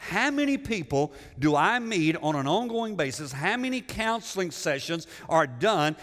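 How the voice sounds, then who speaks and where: A man's voice: high voice, very animated, normal speed, a bit bright. A middle-aged man preaching a sermon in a conversational way, repeating words and putting questions to the congregation. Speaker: pastor. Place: church sanctuary. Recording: long church reverb.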